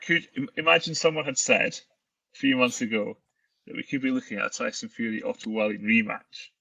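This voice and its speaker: Gravelly man, dry close sound. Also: medium pitch, fairly quick, bright, forceful tone, no room sound, low-quality recording. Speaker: sports journalist. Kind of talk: casual podcast chat.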